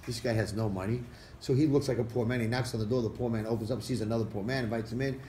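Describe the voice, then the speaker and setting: Animated storytelling rabbi, echoey hall. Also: male voice, medium pitch, fast. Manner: animated storyteller acting out characters' lines. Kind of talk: storytelling talk to an audience. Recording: echoey room recording with faint background noise.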